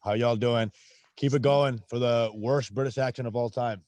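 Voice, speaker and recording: A man performing stand-up comedy over a video call from outdoors, animated and laughing at his own jokes. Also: medium pitch, normal speed, no room sound. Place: outdoors in an industrial spot.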